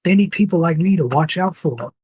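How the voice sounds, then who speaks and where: A man's voice: on the high side, expressive, quick pace, darkish tone, slightly rough, pitched above the performer's own voice. A man doing a frightened pleading guard. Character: scared young man disguised, pleading.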